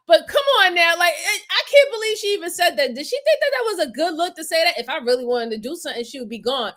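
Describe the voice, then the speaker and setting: A woman's voice: extremely high pitch, animated, quick pace, few pauses, a bit bright. A woman hosting a reaction video, commenting bluntly and exasperated, swearing freely.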